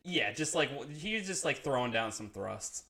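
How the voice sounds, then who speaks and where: Animated laughing man telling a story. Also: medium pitch, moderate pace, gravelly. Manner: profane, laughs often, acts out quoted friends. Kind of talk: casual storytelling chat.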